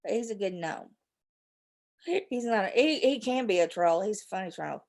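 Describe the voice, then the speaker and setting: A woman's voice: medium pitch, expressive, moderate pace, a little mellow. A middle-aged woman, hosting a rambling live chat with her viewers and laughing often. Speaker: livestream host.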